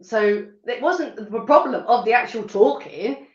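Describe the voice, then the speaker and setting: A woman's voice: on the high side, animated, measured pace, reverberant, lo-fi sound. A woman with a rural Suffolk accent, chatting as an interview guest, laughing often and restarting her sentences. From rural Suffolk, England. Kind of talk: casual interview chat.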